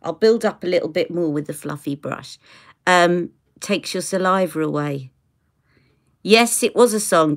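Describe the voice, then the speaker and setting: A woman's voice: fairly low pitch, expressive, a little slow. A woman from the UK chatting and laughing through tangents on a live makeup stream. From United Kingdom. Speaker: beauty vlogger. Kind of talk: live makeup tutorial chat.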